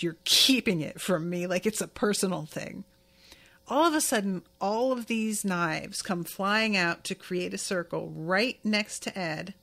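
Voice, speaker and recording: Slow, chatty woman podcast host. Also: lowish voice, fairly bright tone. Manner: chatty, candid, swears casually. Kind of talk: casual episode recap.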